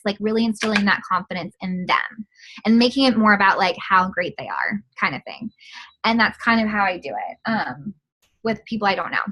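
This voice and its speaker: Chatty high bright-voiced woman. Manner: chatty, acts out quoted dialogue with fillers. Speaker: guest, direct sales distributor. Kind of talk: casual video call interview.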